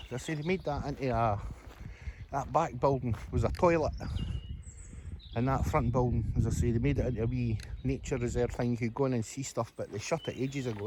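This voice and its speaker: A man's voice: medium pitch, background noise. A Scottish man chatting casually as he films a walk by a reservoir, rambling along and calling to his dog. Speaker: vlogger. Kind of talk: casual walking vlog narration. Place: outdoors by a reservoir. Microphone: handheld camera. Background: birds and outdoor sounds.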